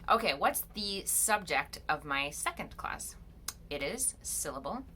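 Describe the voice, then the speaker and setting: A middle-aged woman teaches grammar step by step, asking and answering her own questions with patient care. Her voice is bright and lively, ranging widely in pitch, and sits a little low for a woman. Faint background noise runs under the desk-mic recording. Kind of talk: screen-recorded grammar lesson.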